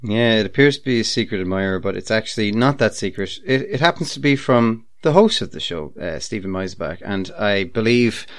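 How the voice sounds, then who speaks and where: A man's voice: fairly low pitch, expressive, a little fast, hardly any pauses, dry recording. Dry-humoured man, close dry mic. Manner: dry mock-formal banter, stammering restarts. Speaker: guest co-host. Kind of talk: casual chat.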